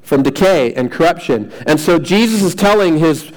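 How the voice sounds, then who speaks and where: A man's voice: a little high, lively intonation, moderate pace, a little mellow, low-quality recording. A middle-aged man preaching a sermon as a pastor, earnest and repetitive, often restarting phrases.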